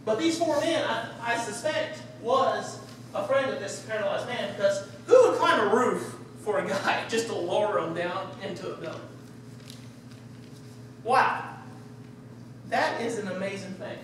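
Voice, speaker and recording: Man, animated conversational preacher, acts out voices, mic far off, booming room echo. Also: unhurried. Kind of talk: conversational sermon. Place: church sanctuary. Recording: echoey room, distant mic, faint hiss.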